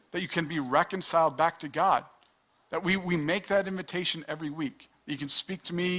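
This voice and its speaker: Pastor guy giving a sermon, chatty and earnest, bright slightly high voice. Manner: earnest, conversational, with quick restarts and acted-out asides.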